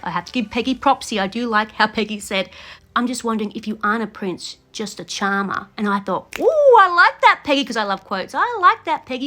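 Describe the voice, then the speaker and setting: A woman talks straight to camera about a reality show she just watched, opinionated and chatty, laughing often and voicing what she would say in someone's place. Her voice sits a little high, with soft music in the background. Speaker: reality TV reaction vlogger. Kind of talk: casual reaction commentary to camera.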